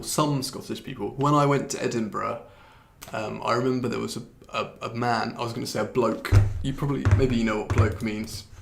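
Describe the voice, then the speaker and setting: A man teaching pronunciation over a live stream from his desk computer, gravelly and full of fry. He talks in a relaxed, chatty way, restarts his sentences often and mutters the odd mild curse. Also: medium pitch, slight background noise. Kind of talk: live-streamed lesson, answering viewer comments.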